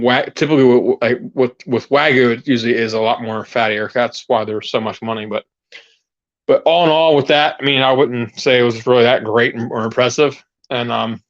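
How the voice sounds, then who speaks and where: A man's voice: mid-range voice, no room sound. A man hosting a casual live chat outdoors while gardening, rambling and restarting as he talks straight to his viewers on a lapel mic. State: out of breath. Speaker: channel host. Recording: dull, dry lo-fi sound.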